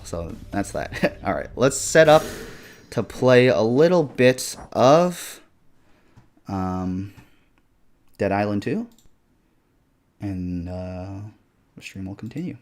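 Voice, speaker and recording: A man's voice: on the low side, lively intonation, takes it slowly, pauses often. A young man streaming a video game and chatting casually with viewers in a loose, slangy way, cursing often and calling people bro. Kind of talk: casual gaming stream chat.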